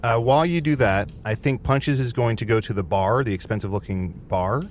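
A man playing in a tabletop game, asking questions in a relaxed way. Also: lowish voice, fairly quick, a little hiss or hum. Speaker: player. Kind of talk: casual tabletop play.

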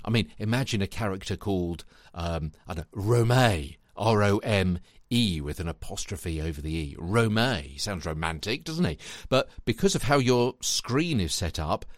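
A man hosting a spoken tutorial podcast, chatty and animated, talking straight to the listener. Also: fairly low pitch, no echo, clean studio sound. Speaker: podcast host and voice coach.

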